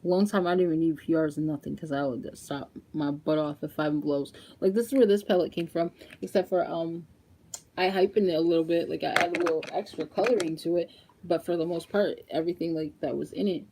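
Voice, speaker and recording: A young woman chatting casually in a makeup vlog, animated and laughing often as she talks straight to her viewers. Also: low voice, a little fast, a little hiss or hum. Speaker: beauty vlogger.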